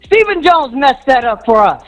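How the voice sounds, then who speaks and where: A woman calling into a sports talk show, ranting in a fired-up way and shouting for emphasis. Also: high-pitched, sing-song, moderate pace, soft background music, rough recording. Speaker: caller. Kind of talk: heated call-in rant.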